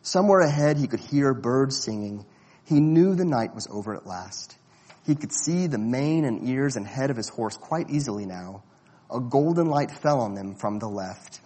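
A man reading a storybook aloud in a measured, expressive way. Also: medium pitch, big-room sound. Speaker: narrator.

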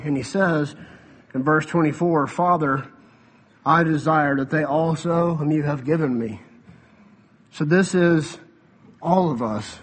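A young adult man, a pastor, preaching a sermon in a conversational way with quick asides and some fillers. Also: on the high side, breathy edge.

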